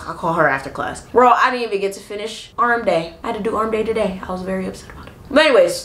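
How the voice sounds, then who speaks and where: A young woman in a roomy, echoing space, ranting straight to the camera in a loose storytime style. She is blunt and animated and swears freely, with a voice of ordinary middle pitch. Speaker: YouTuber. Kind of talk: casual storytime rant. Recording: roomy echo.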